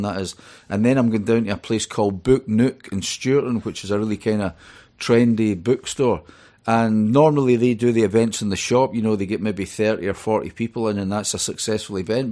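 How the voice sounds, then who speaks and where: A man's voice: lowish voice, darkish tone. Chatty Scottish man telling stories. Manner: chatty storyteller, rambling with many fillers. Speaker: author and DJ guest. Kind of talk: radio interview.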